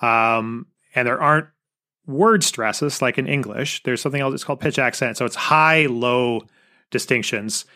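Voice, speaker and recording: Bright-voiced male podcast host. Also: medium pitch, normal speed. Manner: chatty, explains things and jokes around. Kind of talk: casual interview conversation.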